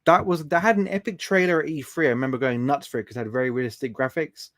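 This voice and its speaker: A man's voice: mid-range voice, fast talker, fairly bright tone, no room sound, clean studio sound. Chatty man on a live stream. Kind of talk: casual live-stream chat, reading out viewer comments.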